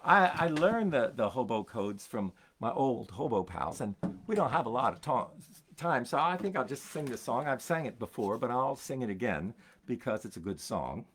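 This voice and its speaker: An older man, a folksinger hosting his own stream, telling stories in a halting way, repeating words and chuckling as he goes. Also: mid-range voice, sing-song. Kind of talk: rambling storytelling to an online audience.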